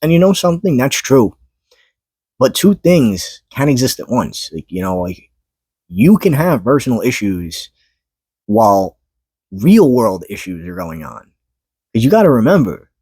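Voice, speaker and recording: A man talking unscripted to his camera, weary and halting, pausing to collect his thoughts and swearing when frustrated. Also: mid-range voice, warm tone, slightly rough, dry recording. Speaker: vlogger. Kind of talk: unscripted personal monologue to camera. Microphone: camera mic.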